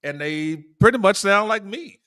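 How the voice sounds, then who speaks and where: A man's voice: high voice, expressive, moderate pace, sharp tone, smooth. A man co-hosting a podcast in casual chat, laughing often and playfully mimicking voices. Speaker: podcast co-host.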